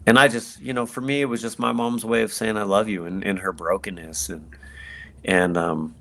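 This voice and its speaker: A man, a podcast guest, telling his personal story in an earnest, halting way with many fillers and restarts. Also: fairly low pitch, fairly even intonation, gravelly, bright, forceful tone. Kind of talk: personal testimony in conversation.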